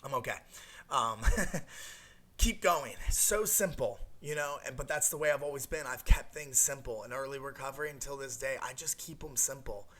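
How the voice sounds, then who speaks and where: A man's voice: mid-range voice, brisk, few pauses. A young adult man telling his recovery story in an interview, rambling with many fillers and restarts. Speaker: guest sharing a recovery story. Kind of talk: emotional personal testimony.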